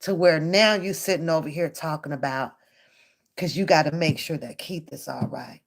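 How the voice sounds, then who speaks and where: A woman's voice: low voice, moderate pace. A woman hosting a reaction channel, giving blunt, profane commentary on a clip and laughing often.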